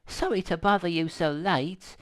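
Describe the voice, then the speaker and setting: A man's voice: high voice, moderate pace, voice pushed up, lightly acted. A man reading game dialogue aloud as a timid young woman, hesitant and apologetic, asking to be let in. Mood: pleading. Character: timid young woman drifter, pleading for shelter.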